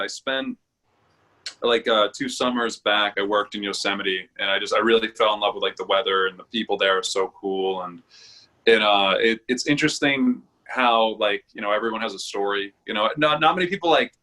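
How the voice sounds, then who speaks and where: Laid-back, low-voiced male co-host. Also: bright, forceful tone. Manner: rambling, laid-back, says dude. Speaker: podcast co-host. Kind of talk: casual podcast chat.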